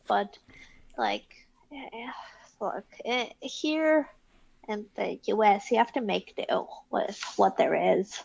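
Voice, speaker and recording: Slow, gravelly woman rambling in character. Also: mid-range voice, animated, a little mellow, no echo. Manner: rambling, filler-heavy. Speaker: player. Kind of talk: casual tabletop role-play. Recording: dull, dry lo-fi mic.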